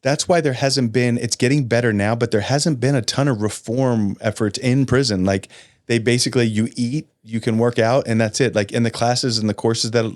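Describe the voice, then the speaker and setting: A man's voice: mid-range voice, moderate pace. Easygoing man hosting a podcast, says "dude". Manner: relaxed, agreeable, says "dude" and "bro". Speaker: podcast host. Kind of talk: casual chat.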